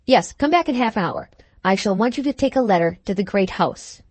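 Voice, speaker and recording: A woman's voice: mid-range voice, expressive, a little fast, a little mellow, dry recording, lightly acted. A woman voicing a jealous, bedridden mother who gives curt, commanding orders in an audiobook.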